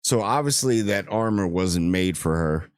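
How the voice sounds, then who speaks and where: A man giving a casual, rambling spoiler review of a TV episode, joking and acting out characters in quick asides. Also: low-pitched, lively intonation, dry recording, studio quality. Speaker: show reviewer.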